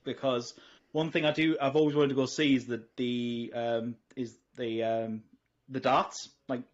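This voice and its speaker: A middle-aged man, co-hosting a casual podcast chat and rambling through animated stories with lots of restarts. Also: medium pitch, unhurried. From England. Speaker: podcast co-host. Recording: dull lo-fi audio.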